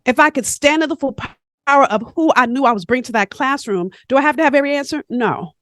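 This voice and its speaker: A woman guest on a podcast interview who coaches others, talking in an animated, emphatic storytelling way. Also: high voice, fast talker.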